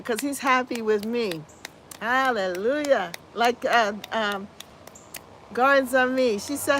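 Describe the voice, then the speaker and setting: A woman's voice: on the high side, slow, a bit bright. A woman with a scratchy voice hosting a casual gardening livestream, chatting to viewers and reading their comments, effusive and upbeat with lots of repeated phrases and exclamations of hallelujah. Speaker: gardening channel host.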